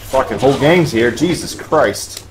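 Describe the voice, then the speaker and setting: A man playing a video game live, cursing often and breaking into loud, high-pitched outbursts. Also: animated, normal speed, slight background noise. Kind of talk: swearing live game commentary.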